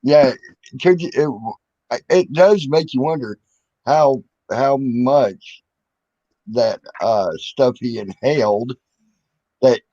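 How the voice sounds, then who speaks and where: A man's voice: medium pitch, slow pace, long pauses, mellow, dry recording. A man hosting a casual podcast chat, laid-back and blunt, laughing often. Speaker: podcast host. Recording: dry lo-fi audio.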